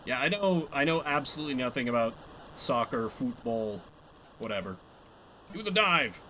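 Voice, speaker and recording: A man's voice: mid-range voice, expressive, moderate pace, pushed and bright, a little hiss or hum, low-quality recording. A young man chatting casually and laughing at himself while he plays a game live. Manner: chatty, self-mocking, laughs often. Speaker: streamer. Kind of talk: live gameplay commentary.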